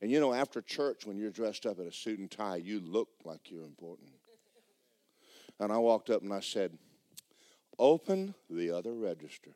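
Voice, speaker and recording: A man preaching a sermon, emphatic and loud at times, dropping low for stories. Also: normal speed, no room sound. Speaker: pastor.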